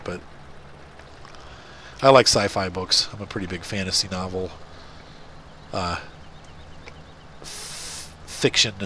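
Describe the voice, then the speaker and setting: There's background noise behind this mid-range male voice. A middle-aged gaming video host with a stuffed-up nose rambles casually and jokes about himself as he plays a farming game.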